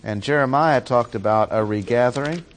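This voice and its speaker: A man's voice: mid-range voice, normal speed, a little hiss or hum. A man teaching through a Bible passage verse by verse, stressing key words by repeating them.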